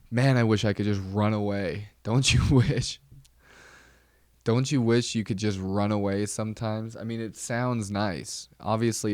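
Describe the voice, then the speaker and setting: Rambling low-voiced man hosting a podcast. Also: darkish tone, dry recording. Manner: rambling, wry storytelling with frequent fillers. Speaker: podcast host. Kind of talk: casual solo chat.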